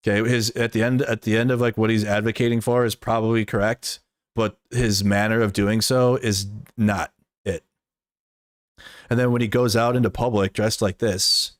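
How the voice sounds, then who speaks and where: A man gives off-the-cuff commentary in a low voice. He is blunt and profane, and he rambles with plenty of "like" fillers. The sound is close and dry. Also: dry recording. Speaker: streamer and political commentator. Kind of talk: casual commentary stream.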